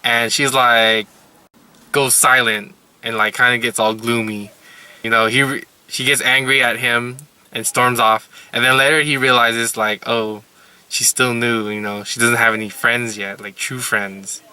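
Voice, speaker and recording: Bright-voiced man, rambling recap. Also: mid-range voice, fairly even intonation, measured pace, clear, resonant tone. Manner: rambling, heavy use of "like" and "you know". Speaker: anime reviewer. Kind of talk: casual episode recap.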